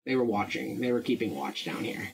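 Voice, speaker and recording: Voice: mid-range voice, animated, fast, creaky, background noise. A game master narrating a tabletop game casually, with hesitant fillers.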